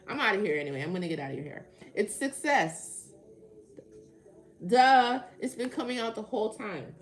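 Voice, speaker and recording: A woman's voice: mid-range voice, very animated, quick pace, a bit bright. A woman doing a tarot reading on a casual livestream, talking back to chat commenters with a sarcastic, swearing edge. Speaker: tarot reader answering a live chat.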